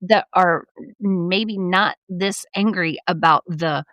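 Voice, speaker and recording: A middle-aged woman co-hosting a podcast, telling a story in a casual, animated way and acting out the people in it. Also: lowish voice, slow, no echo, muffled recording. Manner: animated storyteller, quotes people in lively voices. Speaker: podcast co-host.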